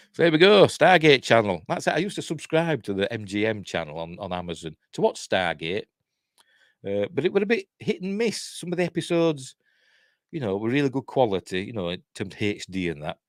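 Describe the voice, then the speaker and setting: A Yorkshire man hosts a casual live stream and chats in a rambling, chatty way, laughing often. His voice is on the low side but swings widely in pitch. The sound is dry and close-miked. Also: no room sound. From Yorkshire, England. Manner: rambling, chatty, laughs a lot, reads out viewer comments. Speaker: host of a live news stream.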